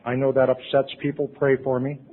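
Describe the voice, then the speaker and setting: A middle-aged man giving an earnest personal testimony to a recovery convention audience, swinging from loud to hushed. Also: mid-range voice, monotone, brisk. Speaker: recovery meeting speaker. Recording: tinny lo-fi tape recording.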